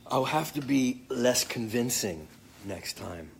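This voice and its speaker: A man's voice: mid-range voice, animated, slow, vocal fry, a little hiss or hum. A man casually answering fan comments, joking and swearing freely. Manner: joking, profane, off the cuff. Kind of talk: casual live chat.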